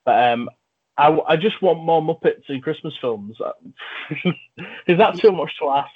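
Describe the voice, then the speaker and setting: A man's voice: a little high, expressive, a little slow, breathy edge, phone-quality sound. A man hosting a casual film chat, talking with enthusiasm and a joking manner. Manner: chatty, enthusiastic, jokey. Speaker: podcast host and film reviewer.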